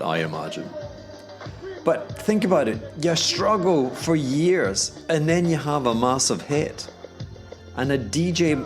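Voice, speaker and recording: A middle-aged Scottish man with a Glaswegian accent, hosting a solo podcast monologue in a theatrical way, his voice leaping high for emphasis. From Scotland. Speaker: podcast host. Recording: faint background music. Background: music playing underneath.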